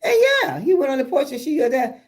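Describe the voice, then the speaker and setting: A woman's voice: sits high, quick pace. A woman, chatting casually with live viewers and telling stories with lots of laughter. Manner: lively storytelling, laughing often, drawling Southern speech. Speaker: livestream host.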